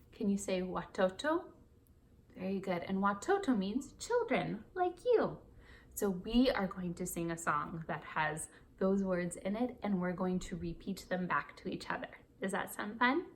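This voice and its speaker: A woman reading a picture book aloud and teaching young children, encouraging them to repeat words after her. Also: mid-range voice.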